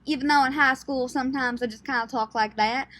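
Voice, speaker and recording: Young woman, light Southern US accent, casual vlog chat, rambling, slightly high voice, bright and bold tone. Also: fairly even intonation, fairly quick. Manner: chatty and rambling, thinking aloud. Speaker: travel vlogger.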